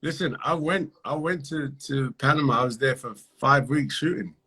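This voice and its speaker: A man's voice: fairly high pitch, pushed and bright, husky. Laid-back man hosting a livestream. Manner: laid-back, greets viewers by name, halting restarts. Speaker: livestream host. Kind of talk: casual livestream chat.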